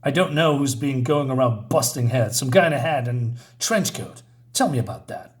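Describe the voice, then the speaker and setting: A man's voice: medium pitch, lively intonation, normal speed, natural voice. A man reading the lines of a blunt older male police commissioner.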